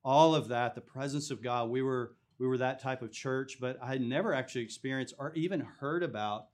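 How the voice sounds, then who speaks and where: A man of average pitch tells his story in a relaxed, conversational way. He speaks earnestly and sometimes laughs at what he recalls. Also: a little fast. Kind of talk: casual testimony chat.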